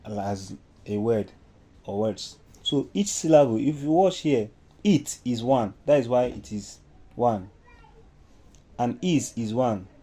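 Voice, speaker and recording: A man's voice: mid-range voice, dark tone. A man with a Nigerian English accent giving an informal music lesson, explaining step by step and singing solfa syllables as examples. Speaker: music teacher.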